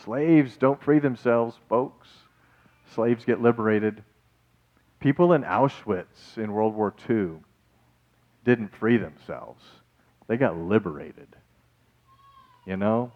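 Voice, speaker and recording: A man preaching a sermon in a casual, animated way, calling his listeners guys and folks, swinging between loud and soft. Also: fairly low pitch, slow, long pauses, lo-fi sound. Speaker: pastor.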